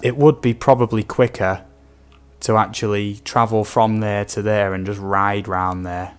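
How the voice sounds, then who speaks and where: A man's voice: lowish voice, little pitch movement, unhurried, smooth. A young British man chatting casually on a game stream, reading out viewer questions with lots of ums and asides. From United Kingdom. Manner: rambling, reads out viewer comments with many ums. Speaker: gaming streamer. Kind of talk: casual live-stream chat.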